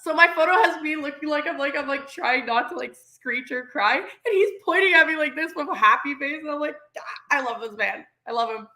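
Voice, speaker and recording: Fast, bright-voiced excitable woman. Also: high voice. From Canada. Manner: excitable storyteller, acts out quoted voices. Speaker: podcast co-host. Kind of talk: casual chat.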